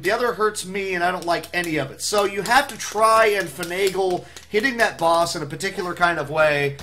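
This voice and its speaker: A man's voice: fairly high pitch, bright, forceful tone, a little hiss or hum. A man speedrunning a game live, rambling through his commentary with self-mocking jokes.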